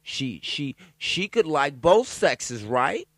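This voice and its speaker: A man delivers a profane, joking solo commentary, his pitch leaping high and dropping low as he riffs. He stops now and then to read a news item aloud in halting bits. The sound is dry and close, with no room echo. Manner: loud, profane, animated riffing with laughs and asides; reads news out loud haltingly. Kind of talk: casual profane commentary monologue.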